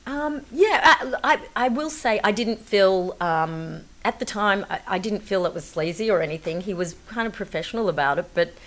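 A woman's voice: medium pitch, expressive, normal speed, hardly any pauses. A woman, a guest on a talk show, chatting and laughing through personal anecdotes with lots of fillers. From Australia. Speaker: guest actress.

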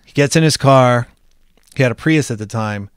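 Smooth-voiced man recalling a story. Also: medium pitch, moderate pace, no room sound, studio quality. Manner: relaxed, conversational, laughing. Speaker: guitarist. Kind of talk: casual storytelling.

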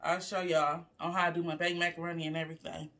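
Speaking fast in a lowish voice, a woman chats casually with her viewers during a live eating vlog. She's relaxed and talkative, calls them "y'all," savors each bite with frequent "mm" sounds and talks with her mouth full.

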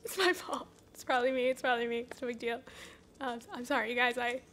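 A woman's voice: a little high, steady tone, fast talker, a bit bright, slight background noise. An actress playing an anxious, paranoid woman in her thirties who rambles, apologizes and bursts into rants. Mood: nervous. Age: 30s.

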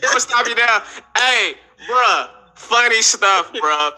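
A laid-back man hosting a comedy showcase over a video call, chatting casually with performers. His voice is high and very bright, and he keeps it encouraging. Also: lively intonation, slow pace. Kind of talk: casual chat.

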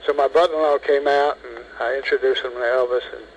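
A man's voice: mid-range voice, quick pace, slight background noise, low-quality recording. Older man telling a story on the phone. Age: 70s. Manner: lively storyteller, acts out quoted speech. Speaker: interviewee. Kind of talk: telephone interview, storytelling. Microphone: telephone.

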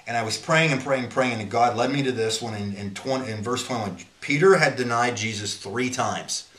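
A man's voice: medium pitch, normal speed, fairly bright tone. Earnest man teaching scripture, echoey room. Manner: earnest, rambling, often restarts sentences. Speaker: Bible teacher and businessman. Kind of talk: informal Bible teaching.

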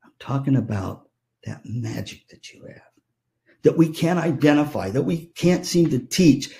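An older man giving a keynote to music teachers, telling lively anecdotes and acting out the voices of people in them. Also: mid-range voice, creaky. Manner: animated, acts out voices in anecdotes. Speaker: keynote speaker. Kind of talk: storytelling keynote. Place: virtual conference talk.

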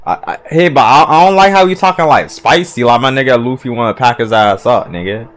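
A man hosting a manga reaction, talking casually, profanely and excitably, with stammered restarts and sudden loud outbursts. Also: medium pitch, brisk.

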